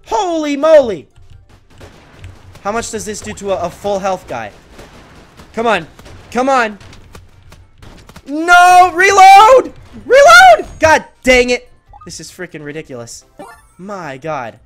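An excitable man commentating his own gameplay in a high, bouncy voice that swings widely in pitch. He gets loud and repeats himself when things go well or badly, with faint game music underneath. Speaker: gaming video creator.

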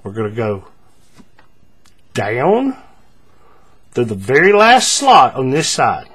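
A man giving a relaxed, step-by-step paracord crafting tutorial, talking through each move with frequent fillers and repeats. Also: medium pitch, takes it slowly, husky.

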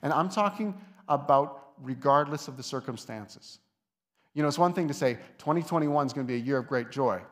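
A man's voice: medium pitch, brisk. Conversational man preaching a sermon. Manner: conversational, with soft asides and lifted emphasis. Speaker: lead pastor. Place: church sanctuary.

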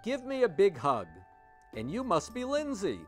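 A man's voice: sits high, huge pitch swings, moderate pace, soft background music, pitched above the performer's own voice. A man voicing a kindly, crafty older aunt in a storybook, doting and sing-song.

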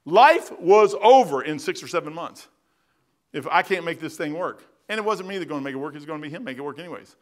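Folksy, animated preacher man. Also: fairly high pitch, fast. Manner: animated, folksy storytelling with bursts of emphasis; casual, plain-spoken preaching. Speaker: pastor. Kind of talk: sermon. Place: church sanctuary.

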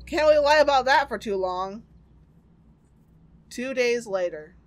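With no room sound, a woman with a slightly high voice and lively intonation speaks a little slowly. She's a game streamer giving chatty, reactive let's play commentary on a horror game, full of jokes and swearing.

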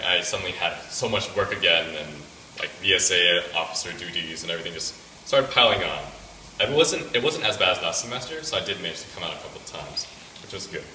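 A man's voice: sits low, pushed and bright, a little hiss or hum. A young man casually telling a personal faith testimony to a student group, rambling with many fillers. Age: young adult. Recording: echoey room picked up from a distance.

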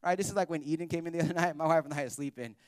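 A male pastor preaching a sermon in a joking, animated storytelling manner. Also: a little high, rapid-fire, dry recording, clean studio sound. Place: church.

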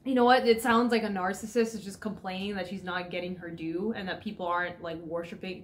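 A woman co-hosting a casual comic reaction chat, animated and sarcastic, often acting out characters' lines. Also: medium pitch, fast talker, few pauses. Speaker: co-host.

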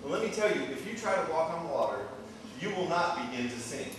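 A man preaching a casual, chatty sermon, full of asides and quick "okay?" checks with his listeners. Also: on the high side, very animated. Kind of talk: informal sermon. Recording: very echoey, distant mic, faint noise.

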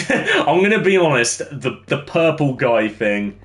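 A man's voice: a little high, very animated, takes it slowly, fairly bright tone. A young man streaming a game, chatting with viewers while he builds and laughing easily. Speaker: livestreamer. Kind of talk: casual gameplay commentary.

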